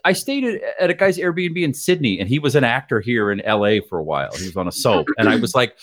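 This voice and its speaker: A man in casual podcast chat, animated and jokey, swearing freely. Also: mid-range voice, quick pace, hardly any pauses, dry recording, studio quality.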